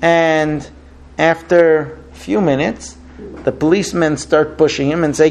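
High-voiced man telling a sermon parable. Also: fairly even intonation, measured pace, a little mellow, low-quality recording. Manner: storytelling, acting out dialogue with rising emotion. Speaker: rabbi.

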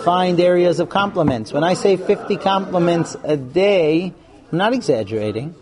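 A man with a high voice teaches a live class on marriage at a moderate pace, speaking frankly and animatedly as he acts out couples' lines in put-on voices. The room is live, with crowd and audience noise in the background.

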